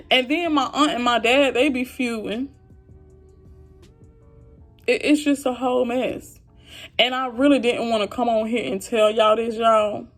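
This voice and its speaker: A woman's voice: fairly high pitch, steady tone, unhurried, long pauses, fairly bright tone, faint music behind. A young woman venting to her viewers about family trouble, frustrated and heartfelt, speaking directly and casually. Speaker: vlogger. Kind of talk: emotional venting to camera.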